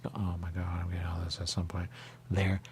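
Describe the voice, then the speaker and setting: A man talking in a rambling, repetitive radio monologue, dropping to whispers and jumping to sudden high exclamations. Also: monotone, fast talker, a little hiss or hum. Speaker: radio host.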